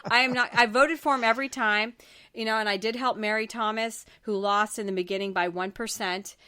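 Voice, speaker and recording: A woman's voice: on the high side, steady tone, fairly quick, sharp tone, smooth. A middle-aged woman from the Florida Panhandle hosting a political talk show. She rants emphatically, sounds exasperated and restarts her sentences often.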